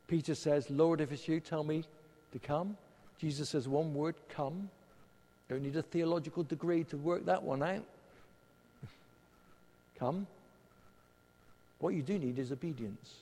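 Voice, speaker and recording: A man's voice: on the high side, warm tone. A man preaching a sermon and leading prayer, conversational with self-deprecating humour. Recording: long hall reverb.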